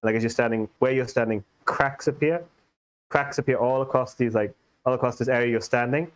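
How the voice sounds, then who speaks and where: A man's voice: medium pitch, fairly even intonation, a little fast, low-quality recording. A man with an Indian accent narrating as game master in a tabletop game, telling the scene loosely with many fillers. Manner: loose, filler-heavy storytelling.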